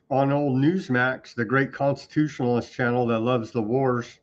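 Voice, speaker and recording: Unhurried and a bit bright, this medium-pitched man keeps his intonation fairly even while casually commenting on the news online. He ad-libs with sarcastic asides, and the lo-fi sound is slightly dull.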